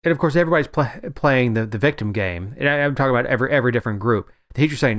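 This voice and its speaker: A man's voice: medium pitch, rapid-fire, few pauses, a bit bright, no room sound, studio quality. A man co-hosting a casual political podcast, rambling and wry, often restarting his sentences. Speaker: podcast co-host.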